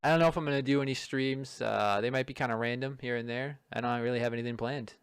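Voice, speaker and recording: A male streamer hosting a casual chat with friends, joking and restarting his sentences. His mid-pitched voice sounds dry and close. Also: fairly even intonation, quick pace, smooth, dry recording. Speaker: streamer host.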